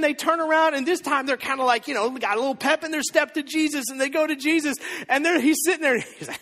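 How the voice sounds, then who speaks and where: A man in his thirties preaching a sermon, telling the story with lively, acted-out voices. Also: very high-pitched, brisk, long reverb tail. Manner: animated storytelling, acting out the disciples' voices. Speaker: pastor.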